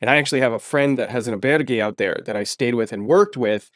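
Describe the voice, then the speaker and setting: A man's voice: medium pitch, fast, a bit bright, no echo, clean studio sound. A man telling a travel story in a casual interview, emphatic and enthusiastic, often repeating words for stress. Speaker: podcast host sharing his story.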